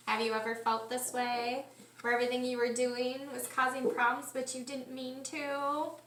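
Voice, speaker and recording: A woman kindergarten teacher gently reading a picture book aloud to children at home. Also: high voice, moderate pace, a little hiss or hum. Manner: gentle, expressive storytime voice. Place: home room. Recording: echoey room, mic at distance.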